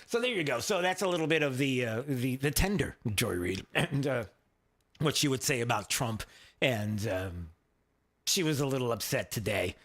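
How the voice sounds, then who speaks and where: A man hosting a talk radio show, giving opinionated commentary in a mocking tone, often halting with fillers. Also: mid-range voice, lively intonation, a bit bright.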